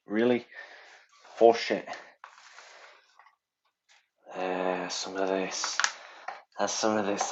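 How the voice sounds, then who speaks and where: A man hosting a casual livestream from his home kitchen, rambling and chatty and swearing freely. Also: fairly low pitch. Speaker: livestream host. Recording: dull lo-fi stream audio, faint hiss.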